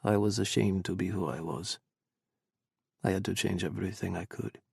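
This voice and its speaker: A man voicing a gentle, soft-spoken young soldier in an audiobook, talking low and quietly. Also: moderate pace, vocal fry, breathy edge, dry recording, studio quality, full character voice. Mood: tender. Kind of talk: audiobook character voice.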